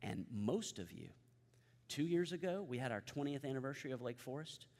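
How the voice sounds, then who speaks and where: A man's voice: medium pitch, animated, a little fast, a little mellow. Man preaching a sermon in a reverberant hall. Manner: emphatic, repeats key phrases, leads congregation in recitation. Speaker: pastor.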